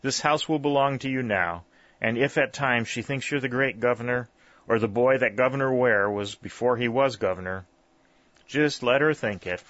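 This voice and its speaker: A man's voice: mid-range voice, normal speed, fairly bright tone, dry recording, close to an everyday voice. A man reading voicing a hearty middle-aged backwoods mountain man who talks in a folksy, jovial drawl. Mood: explaining, relieved. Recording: dull, lo-fi dry recording.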